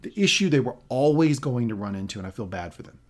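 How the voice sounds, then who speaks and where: A male podcast co-host recapping a show in casual chat. His voice sits at an ordinary pitch but swings up and down a lot. He rambles and corrects himself as he goes, with dry asides. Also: expressive, quick pace.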